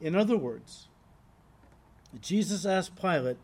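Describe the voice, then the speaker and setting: Male pastor, fairly high voice, emphatic teaching sermon that walks through scripture. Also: animated, measured pace, a little mellow. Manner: earnest, emphatic teaching, addresses listeners as "guys"; reads scripture aloud and explains it. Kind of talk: expository sermon.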